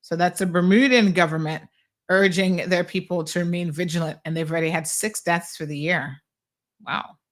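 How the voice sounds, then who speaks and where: A woman's voice: lowish voice, steady tone, moderate pace. A Caymanian woman hosting a call-in talk show, chatting in a rambling, exasperated way as she reads listener comments and tells stories. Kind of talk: casual call-in show chat.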